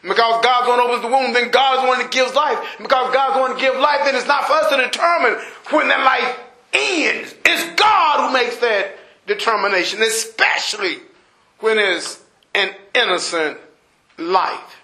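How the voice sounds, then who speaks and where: A man preaching a sermon, shouting emphatic lines and acting out everyday people in a lowered voice. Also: moderate pace. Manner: impassioned, shouting emphatic preaching with rising bursts. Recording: roomy echo.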